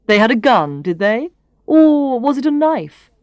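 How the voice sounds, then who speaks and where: A woman's voice: on the high side, very animated, a little slow, darkish tone, no room sound, highs cut off, voice pushed up. A woman voicing a confident, teasing male boss in a storybook reading. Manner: dry, teasing.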